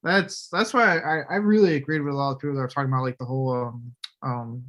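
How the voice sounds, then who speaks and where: A man talking loosely and profanely in a casual podcast chat. He rambles through his points and now and then bursts into loud mock shouting. His voice sits at an ordinary middle pitch. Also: steady tone, fast.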